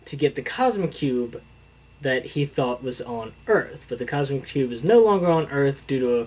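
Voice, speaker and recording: A man's voice: medium pitch, lively intonation, moderate pace, darkish tone. A young man casually recapping a comic book issue, rambling with fillers and acting out the characters' lines as he quotes them. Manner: rambling retelling with filler words and quoted dialogue.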